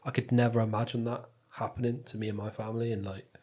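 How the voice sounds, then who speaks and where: A man hosting a podcast, chatting in a relaxed way and thinking aloud as he talks. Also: on the low side, fast talker, breathy edge. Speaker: podcast host. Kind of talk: casual chat.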